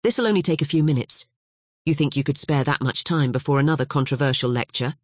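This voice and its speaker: A narrator voicing a restless male lawyer bantering with an old friend in brisk, friendly talk. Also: mid-range voice, dry recording, studio quality, close to an everyday voice.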